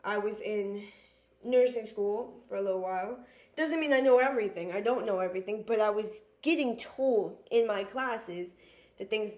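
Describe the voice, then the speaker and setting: A woman's voice: mid-range voice, normal speed, darkish tone, reverberant. A young woman vlogger talking earnestly and emotionally about her own struggles, with many restarts and fillers. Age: young adult. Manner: emotional, earnest, repeats herself, frequent "like" and restarts. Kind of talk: personal confessional talk to camera.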